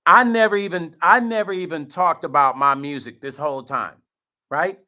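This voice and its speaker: Close to tears, a middle-aged man hosting a vlog addresses his audience directly in an emotional, earnest talk, repeating himself. His voice runs a little high, pushed and bright, at a normal speed.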